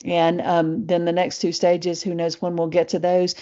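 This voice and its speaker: A woman's voice: lowish voice, completely flat delivery, normal speed, mellow. A middle-aged woman with a Southern Appalachian accent, presenting a casual live webinar in a chatty way, full of fillers and restarts. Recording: muffled lo-fi webinar audio.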